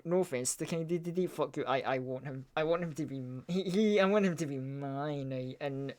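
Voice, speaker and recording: A man's voice: fairly high pitch, fairly quick, a little mellow. A man hosting a casual livestream chat, rambling and hesitant, with frequent restarts and chuckles. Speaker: streamer host.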